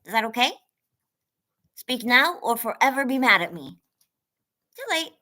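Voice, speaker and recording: A woman's voice: fairly high pitch, big pitch swings, measured pace, bright, forceful tone. A woman hosting a casual livestream, greeting viewers by name and cooing at her dogs in a bubbly way. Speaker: livestream host.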